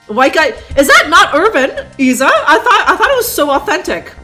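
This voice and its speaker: A woman's voice: extremely high pitch, sing-song, normal speed, sharp tone, soft background music. A woman streamer giving live commentary on a game, sarcastic and rambling, laughing often.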